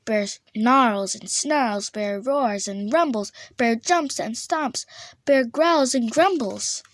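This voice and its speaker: A woman reading a children's storybook aloud, slow and expressive, drawing out the refrains. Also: fairly high pitch, dry recording.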